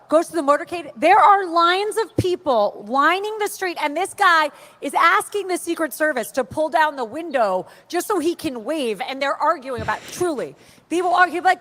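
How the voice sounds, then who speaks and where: A woman telling animated stories to a crowd and acting out the voices of the people she quotes. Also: very high-pitched, normal speed. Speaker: speaker at an event. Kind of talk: storytelling speech to a crowd.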